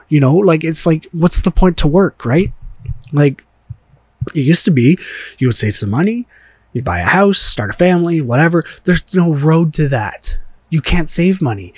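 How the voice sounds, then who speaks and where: A man's voice: fairly high pitch, no room sound. A man hosting his own show, ranting in a frustrated, profane way and firing off repeated rhetorical questions. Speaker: podcast host. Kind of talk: solo opinion rant.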